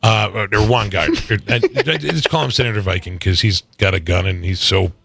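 A man's voice: deep voice, brisk, vocal fry, a bit bright, breathy edge. A man co-hosting a casual political talk show, sarcastic, often restarting with repeated words.

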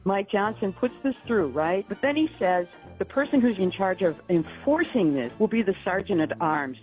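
A woman's voice: medium pitch, lively intonation, moderate pace, darkish tone, muffled recording, faint music behind. A woman co-hosting talk radio, opinionated and exasperated, mocking a politician.

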